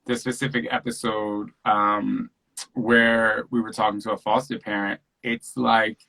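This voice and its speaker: Man, mid-pitched, earnest, animated storytelling, casual chat over a video call. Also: normal speed, vocal fry, rough recording. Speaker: podcast host and father, interview guest.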